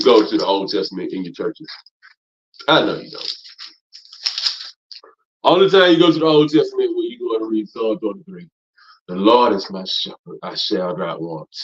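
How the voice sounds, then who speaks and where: A man preaching hard in a teaching class, repeating himself, cursing, and swinging from loud outbursts down to low mutters. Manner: emphatic, repetitive, profane, swings from loud to low. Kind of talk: fiery preaching lecture. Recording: dull lo-fi recording.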